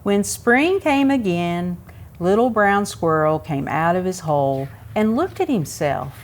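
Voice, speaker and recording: A woman reading a picture book aloud to young children at a museum story time, pausing to ask them questions. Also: on the low side. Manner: asks young listeners questions, expressive.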